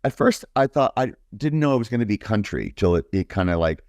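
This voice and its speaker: Deep-voiced rambling guest musician. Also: male voice, big pitch swings, brisk, a little mellow, dry recording, clean studio sound. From New York. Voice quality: baritone. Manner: rambling, enthusiastic, many fillers. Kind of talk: casual interview chat.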